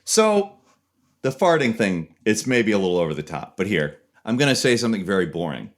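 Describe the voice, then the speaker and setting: A man's voice: lowish voice, fairly quick. A young man giving a casual tutorial walkthrough, chatty and jokey. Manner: animated, jokey, chatty explaining. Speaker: video creator.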